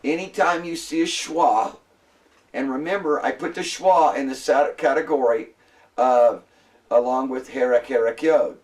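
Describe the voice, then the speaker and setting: A man's voice: medium pitch, unhurried, far from the mic. A man lecturing a classroom as a Hebrew instructor, patient and repetitive, often prompting the students to answer.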